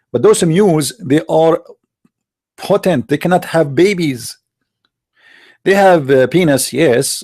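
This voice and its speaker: Speaking into a computer mic, a live-stream host with a fairly high, darkish voice and a breathy edge taunts the callers he's debating. His monologue is a mocking polemic built on sarcastic rhetorical questions aimed at his opponents.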